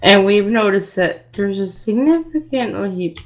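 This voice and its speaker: A man's voice: high-pitched, lively intonation, a little slow, slight background noise. A teenage boy co-hosting a goofy amateur podcast, teasing and interrupting his friend. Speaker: podcast co-host.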